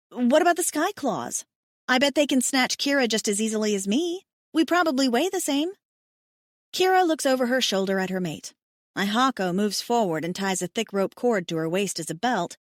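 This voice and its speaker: A woman narrating a first-person romance audiobook, expressive, wry and emotional. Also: fairly high pitch, normal speed, no echo, studio quality.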